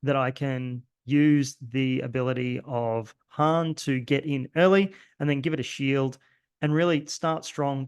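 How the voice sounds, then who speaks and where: A man with an Australian accent and a gravelly, creaky voice talks through a card game. He rambles and stops to correct himself often. The sound is dry and close, with no room echo. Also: medium pitch. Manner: rambling, self-deprecating, many fillers and restarts. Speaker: host. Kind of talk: casual gameplay commentary.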